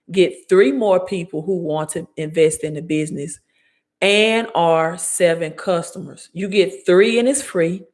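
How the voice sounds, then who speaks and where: A woman in her forties with a Southern Mississippi accent, giving an emphatic, preachy live-stream talk on money and business, repeating her key points. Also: lowish voice. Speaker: credit and finance coach. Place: home, live video.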